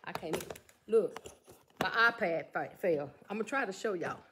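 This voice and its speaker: A woman vlogger chatting excitedly about her shopping haul and calling out to her viewers as she goes. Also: fairly low pitch, moderate pace, background noise. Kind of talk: casual haul vlog chat. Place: room at home. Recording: echoey room.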